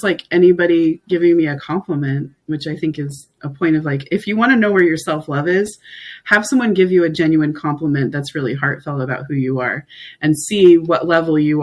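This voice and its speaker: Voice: mid-range voice, poor audio. A podcast guest talking in a candid, reflective way, leaning on "like" and "you know" as they think aloud. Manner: reflective, candid, filler-heavy with frequent "like". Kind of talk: casual conversational chat.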